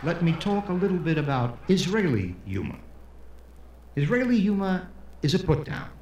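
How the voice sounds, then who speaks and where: A man doing stand-up, telling jokes as an animated storyteller who keeps slipping into character voices. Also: sits high, moderate pace, lo-fi sound, a faint crowd. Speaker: comedian. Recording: echoey room, faint background noise.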